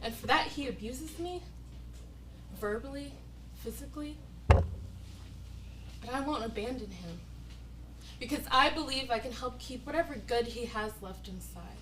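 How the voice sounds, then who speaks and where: A woman's voice: on the high side, expressive, normal speed, long pauses, reverberant, distant mic, noisy background, close to an everyday voice. A woman acting a stage monologue as a desperate young woman torn over a cruel dying man, speaking in an anguished, pleading way. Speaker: acting student. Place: acting studio room.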